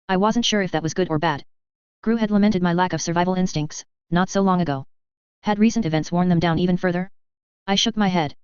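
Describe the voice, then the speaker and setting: Female audiobook narrator; steady, measured, crisp voice on a slightly dull recording. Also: lowish voice, no room sound. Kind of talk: first-person audiobook narration.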